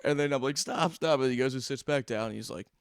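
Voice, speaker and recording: A young man co-hosts a podcast in a studio, telling stories in casual chat, laughing often and swearing freely. His mid-range voice is clear and resonant and he talks fast. The recording is dry, made on a studio microphone, and his delivery is profane and animated, with laughter running through his stories.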